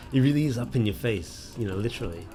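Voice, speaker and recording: A man casually commentating a game he is playing, talking in a wry, relaxed way with plenty of fillers. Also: medium pitch, brisk. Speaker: let's play host.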